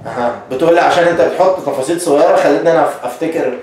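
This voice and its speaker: A man with an Egyptian accent hosting a bilingual English lesson. He talks in an animated way and switches between Arabic and English. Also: fairly high pitch, very fast, a little hiss or hum. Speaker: English teacher and host. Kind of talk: bilingual lesson with live chat. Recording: echoey room, distant mic.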